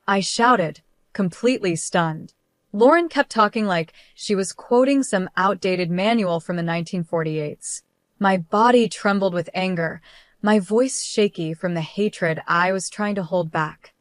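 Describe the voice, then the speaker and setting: A woman's voice: mid-range voice, measured pace, dry recording, studio quality. A woman narrating a dramatic first-person story with tense, emotional delivery.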